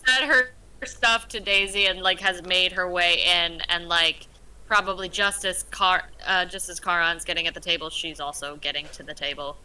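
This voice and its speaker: Woman, bright tone, lowish pitch, tabletop player, relaxed meandering narration. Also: normal speed, clean tone, poor audio. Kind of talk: narrating her character in a tabletop game.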